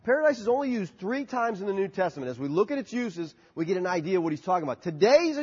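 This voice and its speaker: A man's voice: fast talker, breathy edge. A man preaching a sermon as pastor, rising and falling sharply and putting questions to the congregation. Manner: animated preaching with sharp rises and drops in pitch. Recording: muffled hall recording with long reverb.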